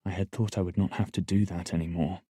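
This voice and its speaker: Man playing a hot-headed young man, earnest and pleading, deep-voiced; audiobook. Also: a little fast, warm tone, dry recording, clean studio sound, close to an everyday voice. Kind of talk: audiobook dialogue.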